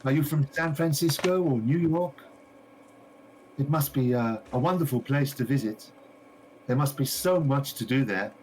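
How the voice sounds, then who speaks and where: A man voicing a fussy middle-aged village shopkeeper woman, chattering and repeating himself in a raised falsetto. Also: moderate pace, a little mellow, slight background noise, lightly acted, poor audio. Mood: prying.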